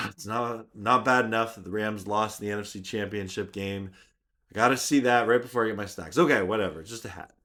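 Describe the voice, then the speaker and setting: A man with a YouTube channel, telling a personal story in an animated, self-mocking way. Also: fairly low pitch, fairly quick. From Canada. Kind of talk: vlog storytelling.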